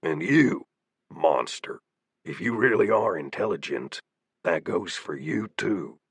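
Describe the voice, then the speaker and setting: Man as bearded gang leader, shouty and commanding, husky. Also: sits low, animated, takes it slowly, no echo, pitched below the performer's own voice, exaggerated voice. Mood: wary. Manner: barking orders, shouting.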